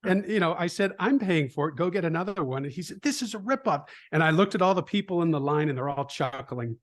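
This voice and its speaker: A middle-aged man in a conversational interview, an animated storyteller who acts out quoted voices, with frequent restarts. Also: a little high, quick pace. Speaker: trading educator, guest.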